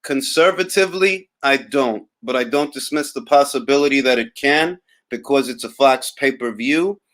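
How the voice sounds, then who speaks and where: A young man from Harlem talks with a relaxed New York accent, hosting a casual boxing livestream. He answers viewer comments in an easy, drawling way that turns wry and a little boastful. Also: medium pitch, normal speed. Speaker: boxing talk host reading live chat.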